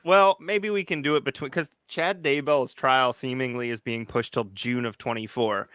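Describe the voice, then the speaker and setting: A man's voice: mid-range voice, fairly even intonation, moderate pace, fairly bright tone, clean tone, no room sound, studio quality. A man co-hosting a casual true-crime chat, rambling and hesitant at times. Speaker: co-host.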